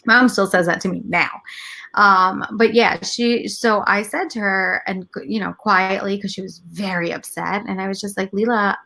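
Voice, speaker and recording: Woman in her thirties, gravelly edge, mid pitch, candid animated storytelling, casual chat. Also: normal speed. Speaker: guest, mother and entrepreneur. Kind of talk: casual couch conversation.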